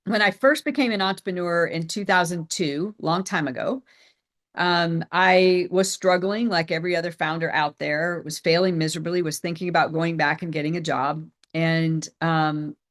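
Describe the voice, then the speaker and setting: A middle-aged woman presenting a sales training as a business coach, energetic and emphatic, repeating her key phrases. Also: deep voice. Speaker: business coach and company CEO.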